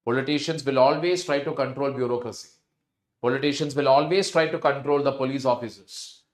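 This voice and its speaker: A man's voice: medium pitch, fairly even intonation, a little fast. Indian-accented male teacher, echoey room. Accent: Indian English. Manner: mixes Hindi into English, asks the class rhetorical questions. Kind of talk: recorded lecture.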